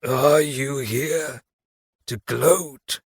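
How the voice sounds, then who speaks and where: A man voicing a broken, spiteful prisoner with a slurred, hollow corpse voice, speaking slowly. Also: mid-range voice, gravelly, slightly rough, dry recording, studio quality, pitched above the performer's own voice, heavily acted. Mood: slurring.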